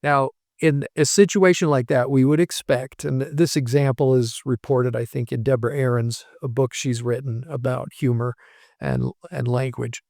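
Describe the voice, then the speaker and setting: Man with a gravelly voice, professor type walking thru examples, dry close sound. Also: medium pitch, moderate pace, darkish tone, dry recording. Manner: patient, explains with worked examples and anecdotes. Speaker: language professor as guest. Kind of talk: explanatory interview talk.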